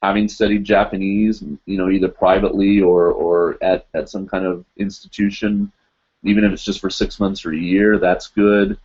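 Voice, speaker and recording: A man in his forties from the United States talks casually to a live-stream audience. His voice sits low, and he rambles with many fillers. The sound is a little muffled and lo-fi. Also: little pitch movement, normal speed, a little mellow.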